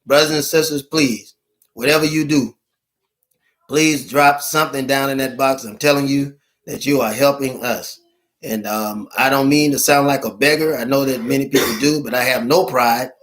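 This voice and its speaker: A male minister addressing his viewers in a livestream, speaking in halting, earnest appeals full of pauses, fillers and restarts. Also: medium pitch, fairly even intonation, fairly bright tone. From United States.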